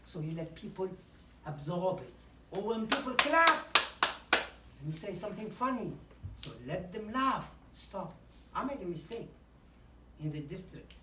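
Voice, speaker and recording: Woman, fairly low voice, public speaking coach, numbered tips, echoey hall, recorded from a distance. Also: lively intonation, moderate pace, noisy background. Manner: instructive, numbered tips with acted examples. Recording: echoey hall from far off, faint ambience.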